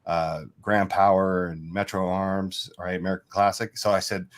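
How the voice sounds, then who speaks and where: A chatty middle-aged man spinning a story as a podcast guest, slipping into quoted dialogue as he goes. His voice sits a little low. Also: flat delivery, moderate pace. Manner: chatty anecdotal, quotes people in dialogue, laughs often. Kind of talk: casual interview storytelling.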